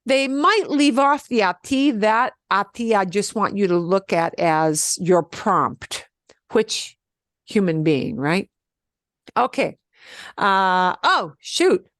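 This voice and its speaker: Slow, lively woman teaching Spanish. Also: medium pitch, no echo, clean studio sound. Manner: patient, explains slowly with many "okay?" checks. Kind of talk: online class teaching.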